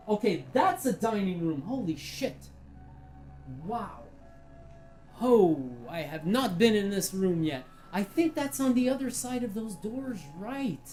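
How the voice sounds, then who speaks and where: A woman's voice: mid-range voice, darkish tone, rough recording. A woman giving casual, enthusiastic commentary while playing a virtual reality game, chatty and swearing freely. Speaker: VR game reviewer.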